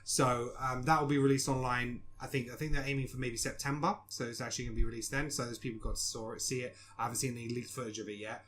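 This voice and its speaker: On a casual film podcast, a male host talks fast in a mid-range voice, barely pausing, loose and relaxed with plenty of fillers as he puts questions to his co-hosts. There's slight background noise.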